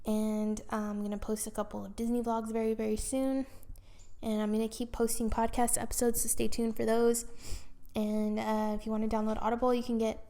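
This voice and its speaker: Creaky-voiced woman hosting a podcast. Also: a little high, flat delivery, a little fast, dark tone. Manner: chatty, thinking aloud with fillers. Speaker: podcast host. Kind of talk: casual solo book-review podcast. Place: room at home with posters on the wall. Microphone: handheld microphone carried around.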